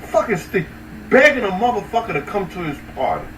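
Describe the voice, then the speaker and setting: A man hosting a casual livestream, talking loosely and profanely to his chat, with sudden high-pitched outbursts. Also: big pitch swings, brisk, a bit bright, distant mic. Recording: roomy echo, off-mic, faint ambient noise.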